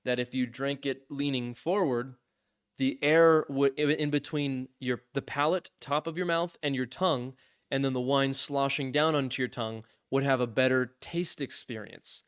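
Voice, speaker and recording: A young man casually telling a funny story on a podcast, lively, acting out what others said and laughing often. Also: mid-range voice, moderate pace, clean tone, no echo, studio quality. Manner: animated, acts out quotes in voices, laughs often. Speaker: podcast co-host.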